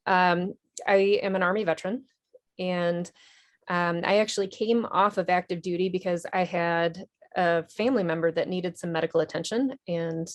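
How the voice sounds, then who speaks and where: A woman, an Army veteran and nonprofit director, telling her story in a TV interview in an earnest, candid way with small restarts. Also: fairly low pitch.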